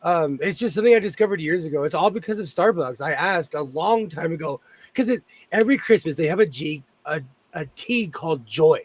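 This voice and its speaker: A man with a Southern Californian accent hosting a casual group chat about sewing, talking fast and playfully. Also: a little high, lively intonation. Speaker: sewing channel host.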